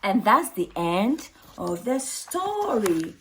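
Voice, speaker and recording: A woman's voice: medium pitch, big pitch swings, slow pace, a bit bright, a little hiss or hum. A woman who hosts her own channel, explaining storytime techniques to early years practitioners and often ending with "isn't it?". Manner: explanatory, asks tag questions.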